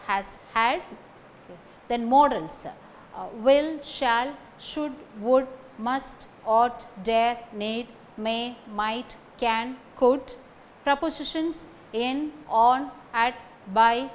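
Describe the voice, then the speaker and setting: A woman with an Indian English accent teaching a recorded lesson. Her voice sits fairly high and she talks very slowly and carefully, with frequent "okay" checks. A faint hiss of noise runs under the recording. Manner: slow, deliberate, punctuated by frequent okays. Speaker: lecturer. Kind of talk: recorded lecture.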